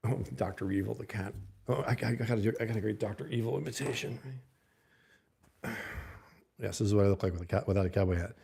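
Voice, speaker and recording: A man with a somewhat low voice hosts a casual livestream from his home setup. He talks close into a desk mic. He rambles loosely and chats with the viewers in his chat. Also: fast talker, gravelly, pauses often, a little mellow, slightly rough. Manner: rambling, chatty, reads viewer comments aloud. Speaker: livestream host. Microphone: desk mic held close to the mouth.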